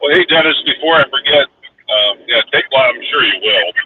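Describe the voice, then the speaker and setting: A man's voice: mid-range voice, animated, a little fast, breathy edge. A man hosting a livestream, telling a rambling anecdote in a casual chat with lots of fillers. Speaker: livestream host. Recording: distant tinny phone-like line with faint hiss.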